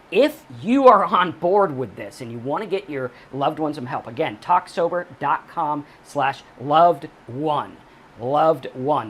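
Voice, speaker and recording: A man's voice: fairly high pitch, fairly bright tone. A man hosting a recovery channel, giving blunt advice straight to camera, swearing freely and hammering the same points again and again. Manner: blunt, profane, emphatic, repeats key points. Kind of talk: direct-to-camera advice monologue.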